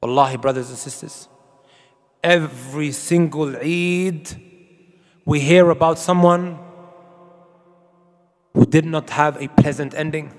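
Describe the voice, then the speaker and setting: A man's voice: on the high side, fairly even intonation, takes it slowly, pauses often, in a large hall, faint music behind. A man preaching a sermon to an audience, emphatic and full of rhetorical questions, with Arabic quotations. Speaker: Islamic preacher.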